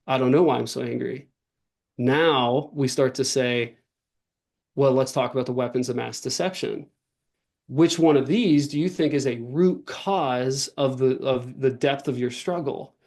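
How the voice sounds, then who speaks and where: A man's voice: mid-range voice, a little mellow. A man, a podcast guest, explaining his work in casual interview talk, earnest and full of fillers and restarts. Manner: earnest, talks in long runs with many fillers and restarts. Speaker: podcast guest, author and workshop leader.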